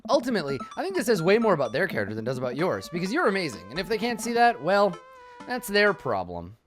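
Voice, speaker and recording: A man's voice: sits high, huge pitch swings, fast talker, fairly bright tone, soft background music, voice pushed up, full character voice. A man playing a goofy advice-giving dad. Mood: earnest. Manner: mock-solemn fatherly advice with comic swerves. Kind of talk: reading game dialogue aloud.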